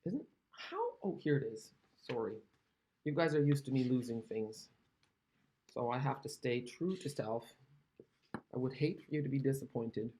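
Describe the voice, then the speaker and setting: A woman's voice: rumbling low, normal speed, mellow, slight background noise. A woman from Canada chatting casually while demonstrating card-making, rambling and self-deprecating, recovering from an illness. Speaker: craft demonstrator.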